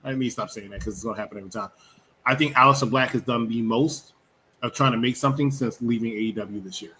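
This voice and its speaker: A man's voice: mid-range voice, fast talker. A man co-hosting a wrestling review show, rambling and joking in casual chat, with a faint hum of background noise. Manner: rambling, animated, jokey with mocking impressions.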